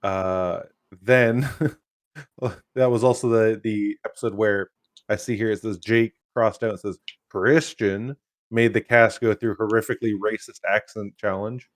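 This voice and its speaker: A man's voice: fairly low pitch, fairly even intonation, unhurried, no echo, clean studio sound. A young man co-hosting a podcast in casual chat, laid-back, laughing often and swearing freely. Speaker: podcast co-host.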